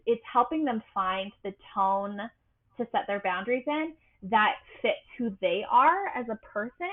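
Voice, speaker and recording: A woman speaking as a podcast guest coach. She talks in a bright, bubbly, sing-song way. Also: a little high. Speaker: boundary life coach. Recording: tinny phone-like line.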